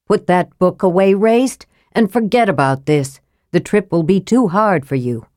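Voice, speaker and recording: A woman's voice: lowish voice, unhurried, a little mellow, no echo, clean studio sound, lightly acted. A woman voicing a simple-hearted young male warrior who talks in a plain, earnest, worried way.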